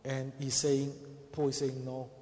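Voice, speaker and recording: A man's voice: medium pitch, monotone, a little slow, darkish tone. A male preacher delivering a sermon, weaving in scripture and repeating key phrases for emphasis. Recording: long hall reverb.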